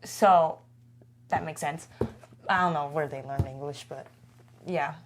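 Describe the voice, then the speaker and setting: A woman's voice: low-pitched, steady tone, a little slow, crowd noise. A woman co-hosting a podcast in casual chat, talking with lots of fillers and restarts. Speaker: podcast co-host.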